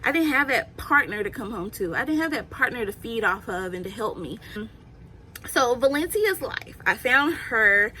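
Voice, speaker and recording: A woman's voice: a little high, animated, normal speed, sharp tone, a little hiss or hum, low-quality recording. A young woman vlogging casually, answering questions in a chatty, candid way and laughing often. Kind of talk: casual Q&A vlog.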